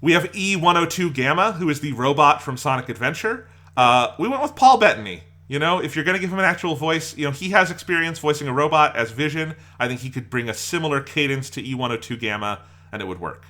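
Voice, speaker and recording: Man, bright voice, casual rambling chat, enthusiastic. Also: fairly high pitch, expressive, quick pace. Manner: enthusiastic, rambling, laughs often. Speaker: podcast co-host.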